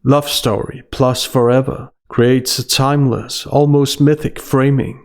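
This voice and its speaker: A man's voice: medium pitch, flat delivery, measured pace. A man giving a scripted analytical voice-over in a dry, sarcastic manner. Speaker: commentary channel host.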